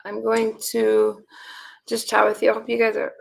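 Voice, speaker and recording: Woman, 30s, hoarse and raspy, heavy fry, slightly high pitch; loose rambling livestream host. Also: monotone, normal speed. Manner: rambling, talks to chat viewers, frequent sighs and fillers. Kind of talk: casual livestream chat.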